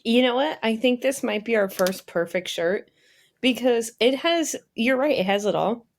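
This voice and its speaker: A young adult woman co-hosting a podcast in casual chat, easygoing and quick to giggle. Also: on the high side, lively intonation, a little hiss or hum. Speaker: podcast co-host.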